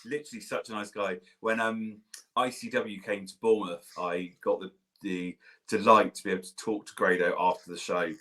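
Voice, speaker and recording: A man's voice: on the low side, steady tone, moderate pace, bright, forceful tone. A man co-hosting a podcast, chatting as a gushing, enthusiastic fan. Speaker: podcast co-host. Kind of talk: casual chat.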